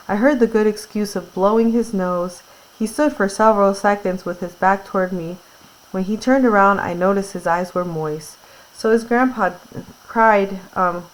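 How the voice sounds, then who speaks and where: A woman's voice: medium pitch, low-quality recording. Woman reading a novel aloud to a class. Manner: reads aloud, then retells in casual words with fillers. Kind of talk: classroom read-aloud with retelling.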